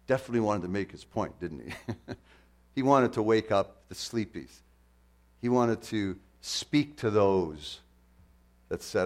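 Man, preacher, sermon, impassioned, rhetorical questions, repetitive emphasis, wide swings in pitch and loudness. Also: animated, unhurried, pauses often.

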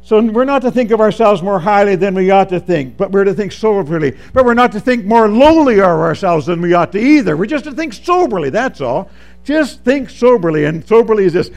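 Guy preaching, asks amen a lot, goes quiet then loud, high voice. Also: fairly quick. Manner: animated, calls for amens, swings from soft to shouting. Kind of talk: sermon.

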